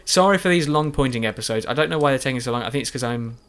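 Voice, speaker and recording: A man's voice: medium pitch, lively intonation, racing, fairly bright tone, slight background noise. A man giving rambling, self-deprecating post-recorded commentary over a video game, tired and yawning late at night. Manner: meandering, self-deprecating, many restarts and fillers. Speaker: gaming YouTuber.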